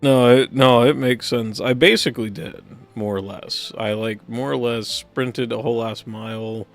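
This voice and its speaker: A man's voice: medium pitch, fairly even intonation, moderate pace, vocal fry, soft background music. A man hosting a gaming livestream, goofy and rambling, a little out of breath as he greets his viewers over and over. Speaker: streamer hosting a game livestream. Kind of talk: casual stream chat.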